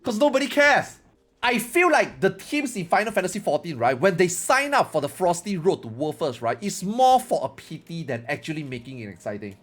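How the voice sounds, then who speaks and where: Animated man rambling a gaming rant. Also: high voice, brisk. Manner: rambling, repetitive, emphatic. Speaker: gaming streamer. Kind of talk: casual opinion rant.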